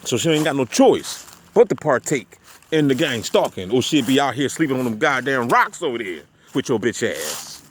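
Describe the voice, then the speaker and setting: A man's voice: mid-range voice, sing-song, moderate pace, slight background noise. A man talking outdoors in a rambling, profane monologue, heavy on street slang and "you know what I'm saying.". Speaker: vlogger. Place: outdoors at a park parking area.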